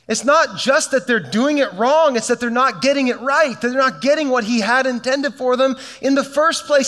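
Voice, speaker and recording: Pastor, middle-aged man, very high voice, fervent conversational sermon delivery. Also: moderate pace, few pauses, pushed and bright. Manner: fervent, conversational preaching with restarts.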